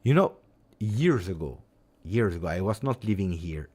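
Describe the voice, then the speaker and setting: Italian guy on a live stream, super low voice, chatty and rambly with lots of ums. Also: normal speed. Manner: rambling and expressive, with many fillers. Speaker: football channel host. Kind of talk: casual live-stream chat.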